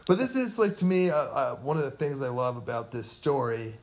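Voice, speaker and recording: Playful male podcast co-host, middle pitch, chatty, asks his partner quiz questions. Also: very animated, a little fast, darkish tone. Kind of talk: casual history podcast chat.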